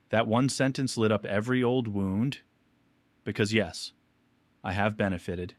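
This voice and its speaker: A man narrating a first-person family confession in a measured, somber way. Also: on the low side, no room sound.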